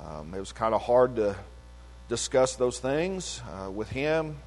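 An older man preaching and telling a story, swinging between emphatic peaks and low asides, with a lot of repetition. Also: very animated, unhurried. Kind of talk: sermon-style testimony. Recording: long hall reverb.

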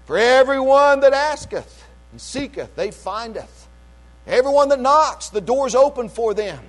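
A man preaches with a very high voice, calling out to the congregation for answers. He swings between shouted passages and quiet, low stretches. His voice rings with a long reverb, as if he were in a large hall. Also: expressive, measured pace. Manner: call-and-response preaching. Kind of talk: sermon.

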